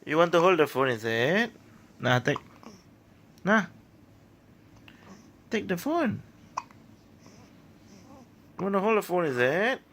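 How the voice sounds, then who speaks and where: A woman speaks slowly in gentle, repetitive baby talk, soothing an infant. Her voice has a gravelly, creaky edge. She is recorded close on a phone at home, with a faint hiss behind her. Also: fairly low pitch, sing-song. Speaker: parent filming her baby. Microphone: handheld phone.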